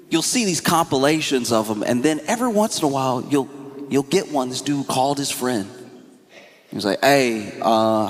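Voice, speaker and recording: A man doing a stand-up comedy set with a deadpan, conversational delivery. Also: mid-range voice. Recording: live club with audience and reverb. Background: audience laughter.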